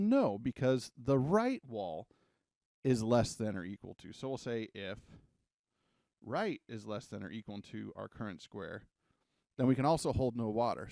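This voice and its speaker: A coding tutor, his voice mid-range and dark, rambles through a relaxed, humorous whiteboard lesson while slightly out of breath. He keeps slipping in self-deprecating remarks, captured in clean studio audio with no echo.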